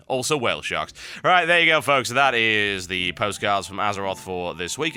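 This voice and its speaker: Lively, very bright-voiced male show host. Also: lowish voice. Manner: emphatic, ranting. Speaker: host of a gaming news show. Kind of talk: commentary on reader submissions.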